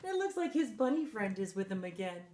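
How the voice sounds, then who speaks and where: A woman's voice: medium pitch, sing-song, brisk, darkish tone. A woman reading a picture book aloud to children, playfully asking her young listeners questions as she goes, in a roomy, echoey space. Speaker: children's story reader. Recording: roomy echo.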